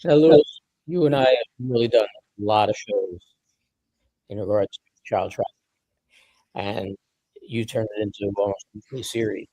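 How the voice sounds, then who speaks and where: Man, host, low mellow voice, husky, conversational, dry close sound. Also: normal speed, long pauses, no room sound, lo-fi sound. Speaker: show host. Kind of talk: hosting a panel discussion.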